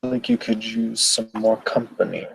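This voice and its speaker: A man doing a terse, gravelly fae loner. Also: on the low side, steady tone, slight background noise, rough recording. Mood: reserved. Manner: slow, deliberate, terse. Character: quiet reserved long-eared fae man.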